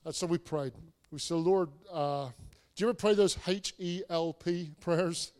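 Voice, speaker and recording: A man's voice: sits high, unhurried, clear, resonant tone. A man, preaching a sermon in a conversational storytelling way, with restarts and self-deprecating asides. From England. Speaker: pastor.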